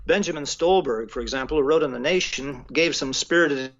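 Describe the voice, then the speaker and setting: A man talking as the guest of an interview, measured and a little halting, often pausing on fillers. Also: on the high side, fairly bright tone, muffled recording. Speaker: guest writer. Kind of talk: casual phone interview.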